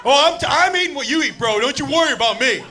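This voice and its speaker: A comedian voicing his cocky, boastful older brother in a stand-up bit, loud and indignant. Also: extremely high pitch, expressive, quick pace, some chatter behind, pitched above the performer's own voice, full character voice. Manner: loud, indignant, defensive bravado. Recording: live club mic, audience laughter.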